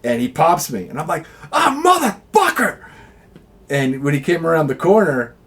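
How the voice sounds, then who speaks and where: A man with a fairly high voice chats casually. He laughs often, swears freely, and jumps into loud put-on voices when quoting others. His stories come in quick bursts. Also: sing-song. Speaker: airsoft player. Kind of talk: casual chat.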